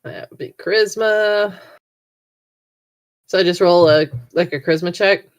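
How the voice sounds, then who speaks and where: A woman's voice: on the low side, measured pace. Chatty woman playing a tabletop game. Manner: chatty, laughs between words. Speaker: player. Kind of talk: casual tabletop game play.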